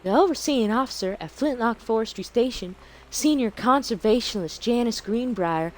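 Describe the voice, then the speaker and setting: A man's voice: very high voice, expressive, rough recording. A swooning Southern belle, put on by a Canadian man. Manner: deliberately bad Southern belle accent, swooning. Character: swooning Southern belle lady, dramatic and prissy.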